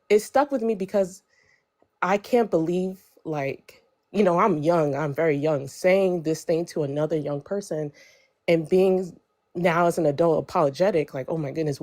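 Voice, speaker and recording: A young woman telling a personal story on a live stream in a casual, chatty way, full of fillers and quoted dialogue. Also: lowish voice. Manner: chatty, lots of fillers, animated when quoting others.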